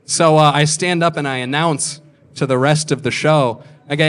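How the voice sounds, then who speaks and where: A stand-up comedian in his thirties tells crude, self-mocking stories and slips into other people's voices. His voice sits a little high, with fairly even intonation, normal speed and a fairly bright tone.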